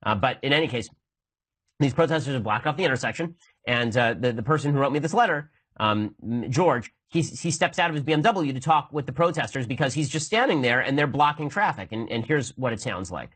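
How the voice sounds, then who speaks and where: A man in his thirties hosting a political commentary show, arguing in a rapid-fire, emphatic way while answering listener mail. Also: mid-range voice, lively intonation, a bit bright, breathy edge, rough recording. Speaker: podcast host.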